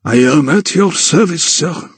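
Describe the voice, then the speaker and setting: A man voicing an older, lean barber who is sly and obliging, with a smooth, deferential manner. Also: a little high, animated, measured pace, dry recording, voice pushed up.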